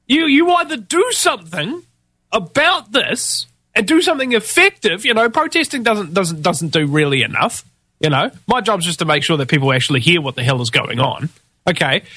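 A man's voice: big pitch swings, moderate pace, no echo. Scornful New Zealand man ranting. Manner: scornful, mocking, swings from low mutter to high shouts. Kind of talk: ranting monologue.

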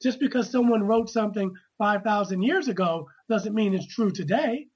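Husky earnest woman author. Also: medium pitch, moderate pace, a little mellow, highs cut off. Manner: earnest, repetitive restarts. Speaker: author guest. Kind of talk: conversational interview.

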